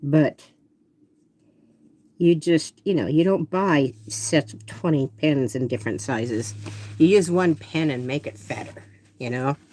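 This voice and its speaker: Older woman artist with a mellow, husky voice who talks to herself while drawing. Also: sits low, unhurried. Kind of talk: casual drawing demonstration.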